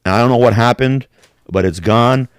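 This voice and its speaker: A man's voice: medium pitch, normal speed, clear, resonant tone, no echo, clean studio sound. A man co-hosting a podcast, chatting casually with rambling, profane talk. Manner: profane, rambling, does mocking impressions. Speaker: podcast co-host. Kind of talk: casual chat.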